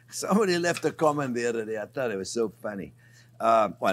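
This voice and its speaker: A man's voice: medium pitch, normal speed, pauses often, a little hiss or hum. A man hosting a cooking show in a kitchen, chatty and enthusiastic, talking to his viewers as friends. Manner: animated, enthusiastic. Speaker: chef and cooking show host. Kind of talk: cooking demonstration.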